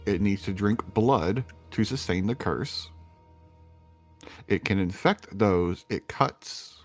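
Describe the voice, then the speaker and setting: A man with a low voice talks through his moves in a tabletop game, calm and matter-of-fact, with an easy chuckle. Faint music plays behind him. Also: slow pace. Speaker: player. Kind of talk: casual tabletop play.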